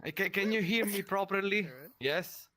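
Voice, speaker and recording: Italian man doing halting stand-up. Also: high-pitched, a crowd in the background. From Italy. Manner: hesitant, halting with fillers and laughs. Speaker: stand-up comedian. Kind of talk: stand-up comedy set in virtual reality.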